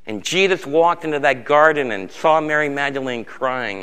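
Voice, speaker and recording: A middle-aged male pastor preaching a sermon with passion, dropping to a hush and then rising to loud emphasis, in a church sanctuary. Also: mid-range voice, expressive, normal speed, clean tone. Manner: impassioned preaching, swinging from hushed to loud. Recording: long reverb of a large hall.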